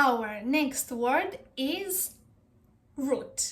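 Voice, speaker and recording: A woman's voice: sits high, animated, a bit bright. A woman from Romania teaching pronunciation, carefully sounding out and repeating each word. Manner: slow, careful repetition of words. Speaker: language teacher. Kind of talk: pronunciation lesson.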